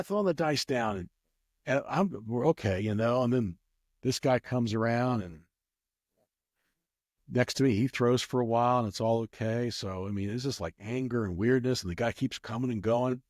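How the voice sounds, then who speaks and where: A man's voice: medium pitch, normal speed, darkish tone, no echo, studio quality. A man telling a rambling casual story as an interview guest, with many restarts. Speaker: guest, craps player.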